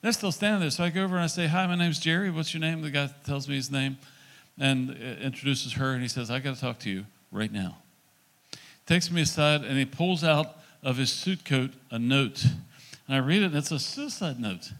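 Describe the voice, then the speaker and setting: A middle-aged male pastor telling a story in a sermon, acting out the dialogue in an animated preaching voice. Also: medium pitch, moderate pace.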